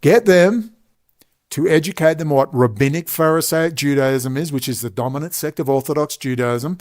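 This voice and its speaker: An Australian man delivering a combative, sarcastic ranting monologue to camera, talking loudly. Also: medium pitch, fairly even intonation, brisk. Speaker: online commentator.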